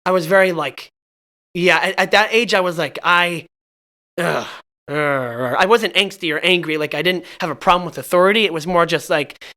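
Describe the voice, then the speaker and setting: A young man from Southern California with a bright, tense edge to his voice, chatting casually on a podcast. He stumbles through constant restarts and pokes fun at himself as he tells his stories. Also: high-pitched. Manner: halting, full of restarts, self-mocking. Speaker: podcast storyteller.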